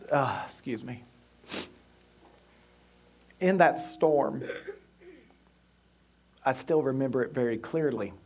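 A man, preaching and telling a vivid personal story with hesitant restarts. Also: medium pitch. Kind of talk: sermon storytelling.

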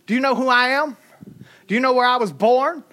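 A woman with a Southern US accent preaching a sermon, emphatic and humorous, swinging between loud and soft. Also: sits high, brisk. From Southern United States.

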